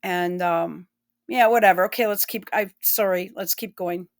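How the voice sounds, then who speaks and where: A woman's voice: lowish voice, fairly even intonation, moderate pace, a little hiss or hum. A woman giving blunt, profane and emotional commentary while reacting to news clips. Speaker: online commentator.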